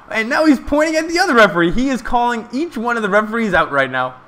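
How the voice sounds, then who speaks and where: A man giving casual, excited live play-by-play of a ball game from a stream, chatting to his viewers. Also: very high-pitched, fast.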